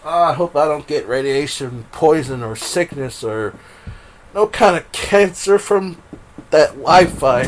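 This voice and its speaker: A man's voice: on the high side, lively intonation, unhurried, background noise. A man live streaming at his computer, rambling to himself with frequent laughs as he browses. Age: adult. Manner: meandering, talks to himself, laughs often.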